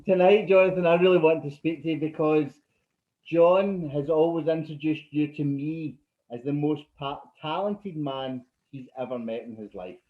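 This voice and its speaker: A man's voice: on the high side, normal speed. Scottish male host, casual and chatty, recorded roomy and a bit muffled. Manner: warm-hearted, enthusiastic, laughs often. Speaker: podcast host. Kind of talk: casual interview chat. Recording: roomy, dull-sounding mic.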